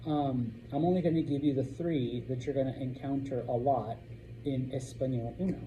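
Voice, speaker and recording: Dark-voiced man teaching a class. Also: medium pitch, fairly even intonation, slight background noise, poor audio. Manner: repeats words slowly to model pronunciation. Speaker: Spanish teacher. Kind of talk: classroom lesson. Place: classroom with students.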